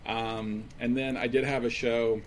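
A man co-hosting a podcast as a stand-up comedian, talking in a relaxed, rambling way with plenty of fillers. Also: mid-range voice, unhurried, a little hiss or hum. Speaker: podcast co-host. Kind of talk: casual chat.

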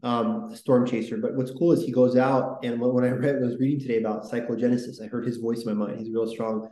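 A man's voice: medium pitch, little pitch movement, quick pace, mellow. Rambling enthusiastic man in a roomy room. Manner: rambling, enthusiastic, full of fillers. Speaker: podcast host. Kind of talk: casual history podcast chat.

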